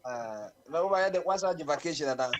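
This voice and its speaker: Halting man hosting radio chat. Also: on the high side, expressive, dull audio. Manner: questioning, halting with many fillers.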